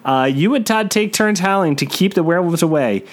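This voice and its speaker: Lively man reading a gamebook aloud. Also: sits high, a little fast. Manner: lively storytelling, breaks off to joke. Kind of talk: comedic read-aloud with asides.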